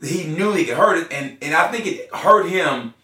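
A man in his forties, originally from Oklahoma, telling candid personal stories as a guest, animated, swearing freely and laughing often. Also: fairly high pitch, moderate pace. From Oklahoma, USA. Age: 40s. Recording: roomy echo, mic at a distance.

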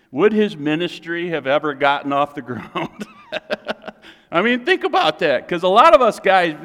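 A middle-aged man preaching a sermon as pastor, lively and joking, building to emphatic peaks. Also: fairly high pitch. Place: church sanctuary. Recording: long reverb of a large hall.

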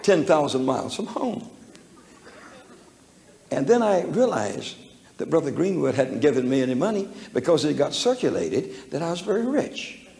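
A man's voice: a little high, very animated, moderate pace, vocal fry, a little mellow. A man preaching a storytelling sermon, folksy and humorous, chuckling as he talks, recorded in an echoey church hall. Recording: echoey hall with faint room noise.

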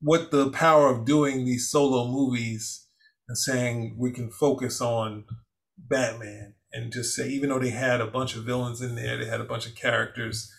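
A man with a gravelly, fry-edged voice talks through a film review in a loose, rambling way. He restarts his sentences often and laughs easily as he goes. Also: medium pitch. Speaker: co-host. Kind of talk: casual film review chat.

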